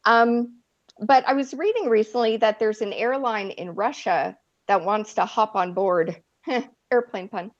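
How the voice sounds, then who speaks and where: A woman's voice: medium pitch, a little slow, highs cut off. A woman doing a stand-up set, chatty and self-deprecating, often laughing at her own jokes. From Eastern Europe. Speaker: stand-up comic. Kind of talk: stand-up routine.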